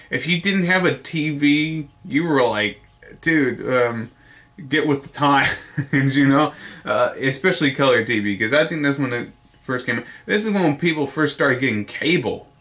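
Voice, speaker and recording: A man talking into his camera in a loose, rambling monologue, full of fillers and the odd swear word. His voice is bright and forward, sitting at an ordinary middle pitch. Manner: rambling, nostalgic, with frequent fillers and mild swearing. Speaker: vlogger. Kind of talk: casual video response monologue.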